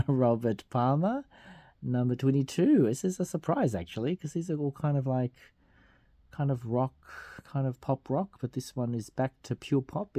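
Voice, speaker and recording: A man's voice: medium pitch, animated, normal speed, mellow, no room sound, studio quality. A man casually counting down a chart of songs, half-singing the titles and laughing at his own slips. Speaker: vlogger counting down a song chart. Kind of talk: casual countdown with hummed song snippets.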